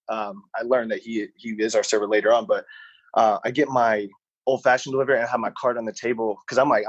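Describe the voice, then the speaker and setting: In a mid-range voice, a young man on a podcast spins a rambling, animated personal story as co-host, imitating what others said. The sound is lo-fi with no echo.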